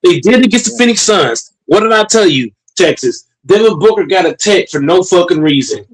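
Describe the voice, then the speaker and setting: A man's voice: high voice, animated, a little fast, low-quality recording. A man streaming a heated, profane rant, repeating himself and talking straight to his chat.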